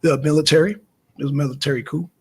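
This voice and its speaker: Brief: male host, casual news banter, needling, husky tone. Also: on the high side, quick pace. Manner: animated, needling, swears casually. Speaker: show host.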